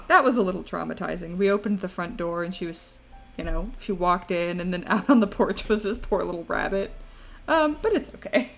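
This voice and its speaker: A woman's voice: on the low side, expressive, moderate pace, creaky, pauses often. A young woman streaming live, chatting casually and rambling through stories, often breaking into laughter. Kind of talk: casual chat to a live audience.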